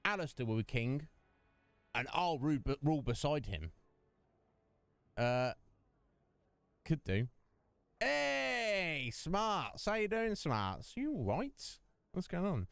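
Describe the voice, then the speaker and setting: A man's voice: a little high, very animated, slow pace, gravelly, pauses often, fairly bright tone, clear, resonant tone, dry recording. A man hosting a casual game livestream, chatting and joking with viewers in a rambling way. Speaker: streamer and host. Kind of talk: casual livestream chat over gameplay.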